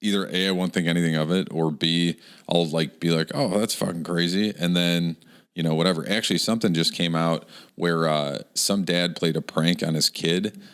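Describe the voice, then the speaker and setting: Man, low voice, laid-back, podcast co-host, questioning. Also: normal speed, smooth. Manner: relaxed, asks questions. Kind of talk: casual chat.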